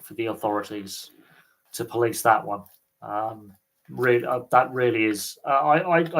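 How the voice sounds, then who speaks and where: A man's voice: mid-range voice, gravelly, fairly bright tone, rough recording. A man hosting a casual live Q&A, rambling and thinking aloud with frequent fillers and restarts. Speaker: sports livestream host.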